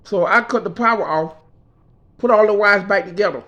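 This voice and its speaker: A man's voice: high-pitched, moderate pace, bright, forceful tone, dull audio. A man telling a personal story in a conversational, repetitive way, often checking in with the listener. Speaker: speaker.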